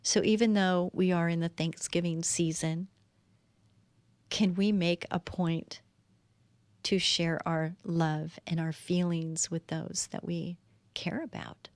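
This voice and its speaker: A middle-aged woman with a fairly low voice hosts a live stream, delivering a heartfelt, earnest faith-based devotional talk packed with rhetorical questions. The recording is dry.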